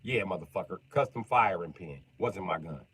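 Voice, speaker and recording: A man voicing a gruff, vengeful veteran sniper who mutters low threats. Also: animated, moderate pace, a bit bright, slight background noise. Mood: menacing.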